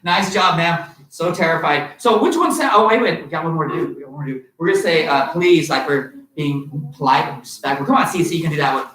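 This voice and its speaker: A man's voice: fairly high pitch, expressive, quick pace, few pauses, a bit bright. An upbeat man leads a children's martial arts class, coaxing and cheering the kids along. His voice sits back from the microphone. The studio around him rings with echo. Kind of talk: live-streamed kids' class teaching. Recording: roomy sound from far off.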